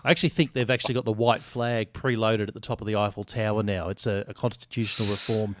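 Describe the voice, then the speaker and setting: A man's voice: lowish voice, fairly even intonation, fast. A man co-hosting a casual sports podcast, blunt and joking, swearing freely. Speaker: podcast co-host.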